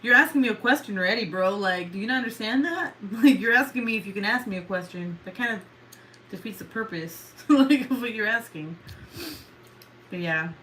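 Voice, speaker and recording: A woman's voice: mid-range voice, lively intonation, brisk, a bit bright, slight background noise, poor audio. A woman in her thirties chatting casually with viewers, swearing, rambling and laughing often. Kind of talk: casual chat.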